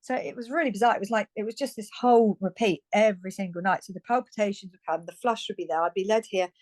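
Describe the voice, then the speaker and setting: A British woman in her fifties talks frankly and at length, her voice sitting at an ordinary middle pitch. She chats freely, restarting sentences and breaking into small laughs as she goes. The sound is close and dry. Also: fast, dry recording. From United Kingdom. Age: 50s. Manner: chatty and frank, many restarts and little laughs. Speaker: guest. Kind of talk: candid conversational storytelling.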